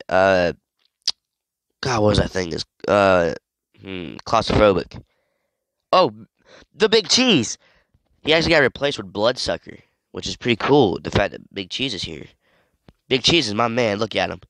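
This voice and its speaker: Sick young man, deep lively game chatter. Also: a little slow, pauses often, dry recording. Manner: rambling, easily distracted, sudden yelps. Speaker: gaming video creator. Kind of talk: casual gameplay commentary.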